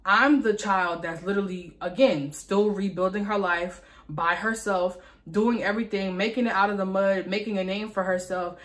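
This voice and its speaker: A woman's voice: mid-range voice, steady tone, normal speed, hardly any pauses. A young adult woman telling a candid storytime in a vlog, venting with lots of fillers and swearing. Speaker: vlogger.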